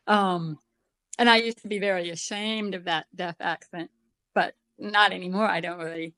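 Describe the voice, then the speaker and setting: A woman's voice: lowish voice, a bit bright, dry recording. A woman with a deaf accent, where some sounds come out a little different, chatting casually as an interview guest with lots of ums and self-deprecating humor. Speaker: guest author.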